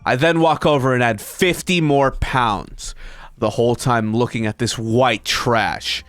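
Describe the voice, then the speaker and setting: A male streamer reading an internet story aloud to his chat, breaking off into high, disbelieving comments. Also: measured pace, no room sound, soft background music. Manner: animated, breaks into high-pitched disbelieving asides.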